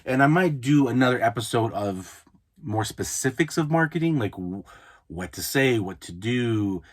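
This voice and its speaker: A Utah man who works as a mobile notary hosts an advice podcast, speaking with medium pitch, expressive delivery, and a moderate pace. His talk is casual and conversational, full of restarted sentences and repeated words.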